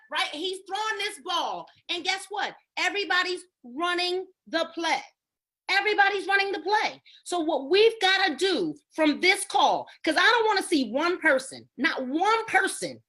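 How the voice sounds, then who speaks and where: Lively, high-pitched woman coaching a sales team. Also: normal speed. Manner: emphatic, keeps asking "right?" and calling on listeners by name. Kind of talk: motivational training call. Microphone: video call.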